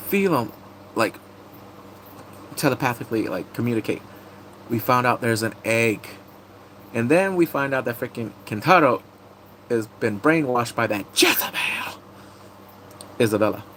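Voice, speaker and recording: A man casually recapping TV episodes, excitable and rambling, breaking into sudden high squeals. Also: slight background noise, low-quality recording. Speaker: TV recap host.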